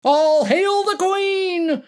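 A woman's voice: on the high side, sing-song, unhurried, pitched above the performer's own voice, full character voice. A woman voicing a handsome young male actor, new to the company and eager to gossip. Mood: gossipy.

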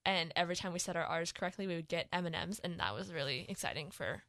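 A woman's voice: on the low side, fast talker, fairly bright tone, no echo, studio quality. A teenage girl co-hosting a student radio talk show, chatting in a rambling way and laughing often. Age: teens. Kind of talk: casual chat.

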